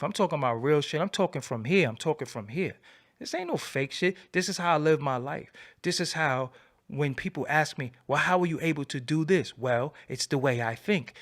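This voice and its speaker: Profane animated man ranting on a livestream. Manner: profane, animated preaching with repeated phrases; swoops between low mutter and loud high bursts. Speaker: livestream host. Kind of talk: unscripted livestream rant.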